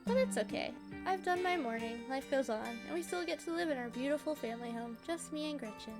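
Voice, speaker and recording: A woman's voice: sits high, fast. A woman voicing a friendly young woman who lives alone with her old dog, speaking in a cheerful, folksy, matter-of-fact way. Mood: upbeat. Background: game music.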